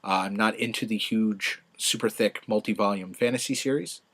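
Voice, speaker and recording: Man, middle-aged, lowish voice, casual solo commentary, rambling, fillers, eager outbursts. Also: normal speed. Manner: enthusiastic, rambling, many fillers and restarts, sudden loud excited outbursts. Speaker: podcast host reviewing a TV show.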